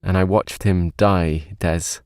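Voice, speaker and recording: A man voicing a young male thief who speaks quietly and sombrely. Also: low voice, fairly even intonation, moderate pace, dry recording, studio quality, lightly acted. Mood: grieving.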